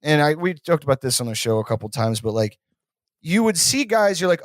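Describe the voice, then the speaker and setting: A Texas-raised man co-hosting a comedy podcast, his voice sitting a little high. He rambles and swears freely, tossing in sneering impressions. Close and dry on the mic. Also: sing-song, a little fast, dry recording. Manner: rambling, profane, slips into mocking voices. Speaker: podcast co-host. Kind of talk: casual comedic chat.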